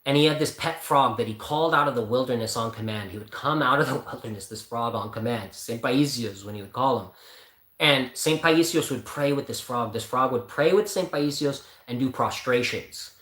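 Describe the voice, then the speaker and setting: A man's voice: mid-range voice, moderate pace, fairly bright tone. Male host, mid-range voice, rambling conversational delivery, echoey room sound. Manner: rambling, thinks aloud, corrects himself. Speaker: channel host. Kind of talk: casual spiritual talk and reading. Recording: roomy echo.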